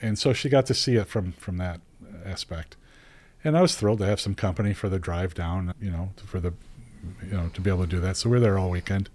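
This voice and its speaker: Middle-aged man, lowish voice, casual rambling storyteller who laughs easily. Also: fast talker, mellow, low-quality recording. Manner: chatty, rambling, laughs as he talks. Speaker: guest telling a story.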